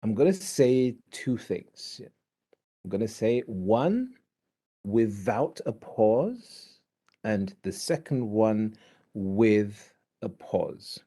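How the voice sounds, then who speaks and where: Brief: male lecturer, mellow tone, very expressive pitch, quizzes the class on a video call. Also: very slow, slightly rough. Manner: animated, asks the class questions.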